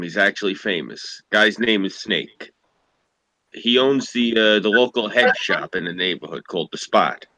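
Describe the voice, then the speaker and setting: A man rambles through a story, his bright voice rising and falling a lot. The sound is dry and close, with no room behind it. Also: on the low side, dry recording, poor audio. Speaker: podcast co-host. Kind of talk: casual chat.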